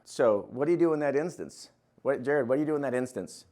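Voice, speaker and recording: An older man teaching a real estate class, energetic and quizzing his students with questions. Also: mid-range voice, fast talker. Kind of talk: interactive classroom lecture.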